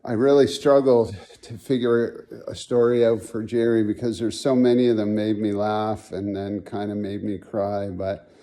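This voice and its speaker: In a lowish voice at normal speed, a man pays tribute to a late friend by telling funny stories about him. He is a folksy, animated storyteller who acts out the voices and quotes in his anecdotes.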